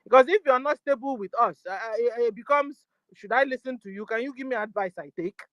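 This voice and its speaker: A woman hosting a casual live audio chat, forceful and firm, often asking "you understand?". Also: on the high side, fast, no echo, lo-fi sound. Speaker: host of an online audio space.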